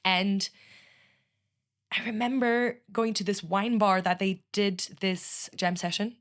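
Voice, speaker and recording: Animated Portuguese woman telling stories. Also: medium pitch, slow pace. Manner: animated, laughs often, acts out quoted speech. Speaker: podcast guest. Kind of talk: casual storytelling.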